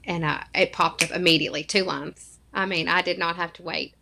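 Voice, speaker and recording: A woman's voice: fairly low pitch, fairly even intonation, fairly quick, gravelly, bright, forceful tone. A woman in her thirties from Arkansas, a podcast guest telling a personal story in an earnest, emotional way and acting out what others said.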